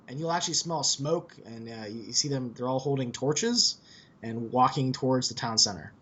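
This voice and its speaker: A man's voice: mid-range voice, a little fast, a bit bright, slightly rough. A man narrating as game master in a tabletop game, loose and chatty with fillers.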